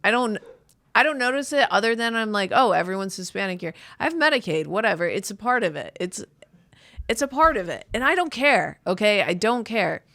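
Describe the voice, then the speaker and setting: A woman's voice: fairly high pitch, very animated, fairly quick, pushed and bright, dry recording, studio quality. A woman in her thirties hosting a podcast, telling a rambling, self-deprecating comedic story full of "like" and restarts. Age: 30s. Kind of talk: casual comedic monologue.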